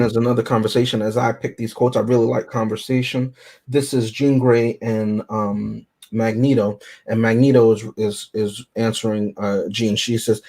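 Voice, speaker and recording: A man's voice: mid-range voice, a little mellow, poor audio. A man on a movie review panel, talking enthusiastically in casual podcast chat, often checking in with "right?". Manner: enthusiastic, often asks "right?" and "you know what I mean?".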